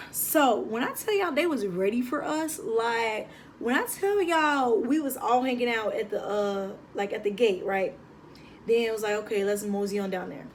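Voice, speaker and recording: A woman's voice: fairly high pitch, animated, unhurried, a little hiss or hum. Chatty young woman vlogging with slang. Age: young adult. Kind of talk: casual storytelling vlog. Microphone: phone propped on a table.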